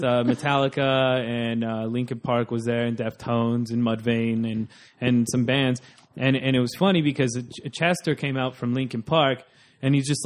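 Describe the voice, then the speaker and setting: A man in a loose podcast chat with a sardonic, joking edge. His voice sits at an ordinary male pitch. He swears casually and rambles through his story. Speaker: podcast co-host.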